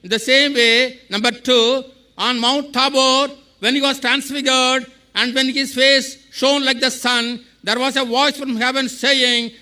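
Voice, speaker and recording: High, bright-voiced man asking earnestly. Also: little pitch movement, a little slow. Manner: earnest, long-winded, cites scripture point by point. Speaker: teacher asking a question from the audience. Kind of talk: audience question at a public lecture. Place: large lecture hall.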